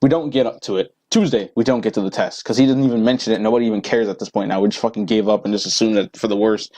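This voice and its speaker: Fast-talking teen guy ranting. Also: lowish voice, darkish tone, low-quality recording. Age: teens. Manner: rambling, profane, lots of fillers. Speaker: vlogger. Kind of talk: casual rant to camera.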